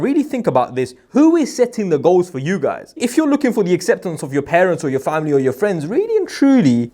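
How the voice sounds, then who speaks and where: A man's voice: sits high, a little mellow. A young man giving a casual, chatty motivational talk to camera, mixing slang with religious phrases. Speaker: recruitment business vlogger.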